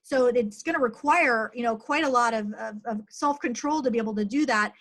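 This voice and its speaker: A woman's voice: a little high, brisk, fairly bright tone. A middle-aged woman, a physician, hosting a conversational interview in an earnest tone with plenty of fillers. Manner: earnest, uses many fillers. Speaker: physician host.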